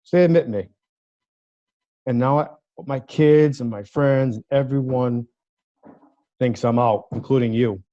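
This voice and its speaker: A man's voice: mid-range voice, measured pace, long pauses, dry recording. A man, a lawyer, telling a personal story as an interview guest, acting out the voices of people he quotes. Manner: animated storyteller who acts out quoted voices. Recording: dry, slightly dull sound.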